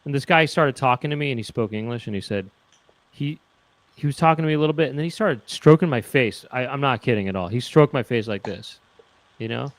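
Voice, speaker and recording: A man co-hosting a chat show, telling absurd stories in a deadpan way. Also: medium pitch, a little fast, no echo. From Los Angeles. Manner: deadpan absurd storytelling, acts out quoted voices. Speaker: co-host.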